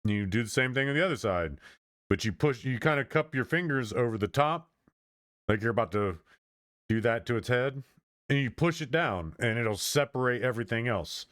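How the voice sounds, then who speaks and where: A man's voice: medium pitch, lively intonation, moderate pace, a bit bright, dry recording, clean studio sound. A man streaming, giving casual chatty reaction commentary and laughing often.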